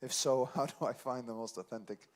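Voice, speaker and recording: A man's voice: medium pitch, steady tone, fairly quick. A man moderating a question session, reading out audience questions in a casual way with fillers.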